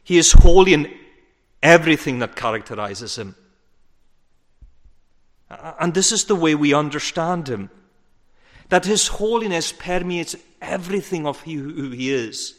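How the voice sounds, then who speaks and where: Male preacher, somewhat high voice, earnest and measured, builds weight on repeats; long hall reverb. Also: expressive. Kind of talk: sermon.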